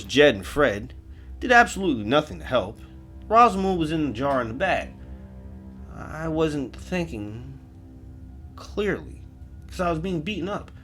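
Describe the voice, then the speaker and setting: A man telling a comedic first-person horror story, profane, jumping between loud outbursts and hushed asides. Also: on the high side.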